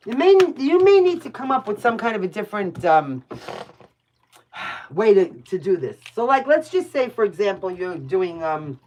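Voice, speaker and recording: A woman's voice: medium pitch, big pitch swings, normal speed, a little mellow, highs cut off. Woman, New York accent, tarot reader, casual livestream chat, blunt, swears, faint background noise. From Brooklyn, New York. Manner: blunt and chatty, swears freely, addresses viewers by name.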